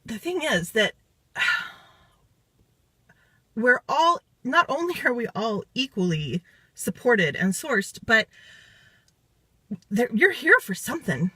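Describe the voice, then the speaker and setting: A woman's voice: on the high side, very animated, takes it slowly, pauses often, pushed and bright, breathy edge, no echo. A woman giving an emotional live video testimonial after a retreat, swearing freely and close to tears. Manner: swearing, intense, near tears.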